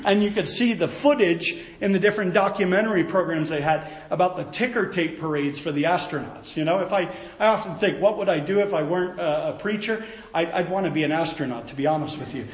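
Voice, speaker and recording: High-voiced preacher in an echoey hall. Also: male voice, a little fast. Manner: folksy, animated storytelling with asides. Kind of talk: sermon.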